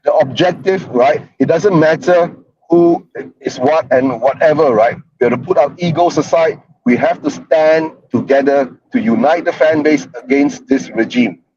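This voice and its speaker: A man's voice: fairly high pitch, normal speed, a little mellow. Chatty man hosting a fan stream, muffled. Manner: rambling, peppers speech with "right?". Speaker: fan show host. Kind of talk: casual live-stream chat. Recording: dull lo-fi stream audio.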